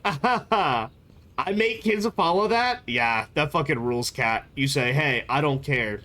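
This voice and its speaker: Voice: mid-range voice, very animated, normal speed, a bit bright. A young adult streamer chatting casually on a live stream, in a rambling, playful way. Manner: rambling, playful, jumps between topics.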